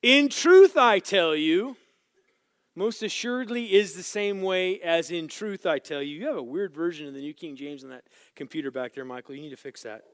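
A man teaching a Bible lesson as a sermon, swinging between loud, emphatic scripture reading and quiet, casual asides to his listeners. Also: on the high side, a little fast, hardly any pauses, no room sound. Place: church room with small group.

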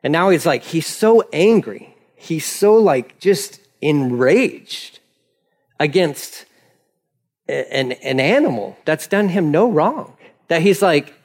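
A male pastor preaching in a relaxed, conversational way, with a fairly high voice. He is animated and laughs often as he retells the story. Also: takes it slowly. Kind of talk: casual sermon.

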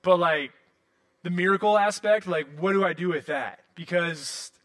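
A man in his thirties preaching a sermon in a casual, animated storytelling way, full of "like" and restarts. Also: sits high, normal speed. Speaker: pastor.

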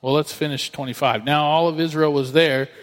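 A man's voice: on the high side, fairly even intonation, fairly quick, big-room sound. A man in his thirties preaching a sermon as a pastor, conversational with joking asides.

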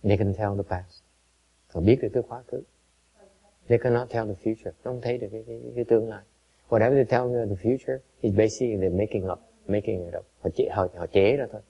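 Man, Buddhist teacher, lowish voice, halting storyteller who stumbles and repeats, muffled lo-fi recording. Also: fairly even intonation, vocal fry. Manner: halting, repeats words, switches between two languages. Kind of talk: dharma talk with storytelling. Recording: dull lo-fi recording.

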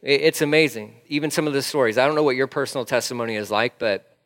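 A man's voice: mid-range voice, fast, fairly bright tone. Emphatic preacher man in a reverberant hall. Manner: emphatic, repeats phrases for stress. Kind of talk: casual conversational sermon.

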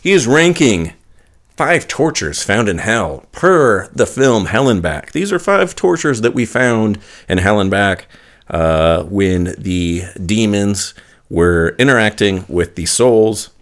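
A man's voice: lowish voice, sing-song, slow pace. A man co-hosting a casual podcast in a laid-back way, chuckling often as he leads the segments. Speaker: podcast co-host. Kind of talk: casual chat.

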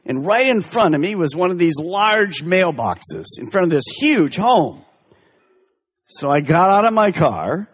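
A man's voice: sits high, very animated, a little slow, breathy edge, voice pushed up, heavily acted. A man acting out a panicky, apologetic young man who has just become a believer, as he retells the story in a sermon. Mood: excited. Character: frantic young man, brand-new believer.

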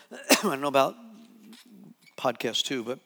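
A man preaching a sermon to a live audience, telling a story with lively acted-out quotes. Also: medium pitch, slow pace, creaky, a little hiss or hum. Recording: long hall reverb.

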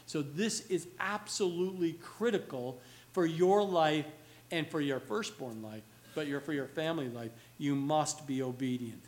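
High bright-voiced male pastor preaching. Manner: earnest, rising to emphatic exhortation; acts out children's whiny questions. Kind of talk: sermon.

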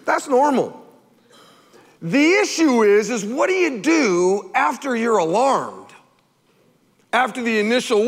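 A man preaching a sermon as pastor, animated and emphatic, firing off rhetorical questions at his congregation. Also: very high voice, measured pace, in a large hall.

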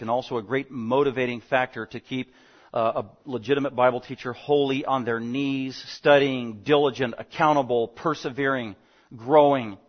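A man preaching an expository sermon, animated and fast-talking, swinging between loud emphasis and quiet asides. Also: medium pitch. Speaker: pastor. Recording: dull lo-fi sound.

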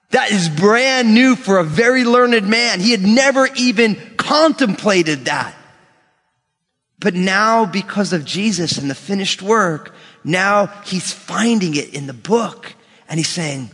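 A man preaching a sermon as pastor, animated and acting out quoted voices. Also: high voice. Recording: long church reverb.

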